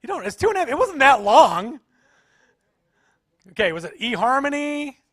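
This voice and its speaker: A man's voice: very high voice, big pitch swings, moderate pace, no echo. A man doing stand-up comedy at a church, playfully teasing the audience. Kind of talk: stand-up comedy with crowd work. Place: church stage.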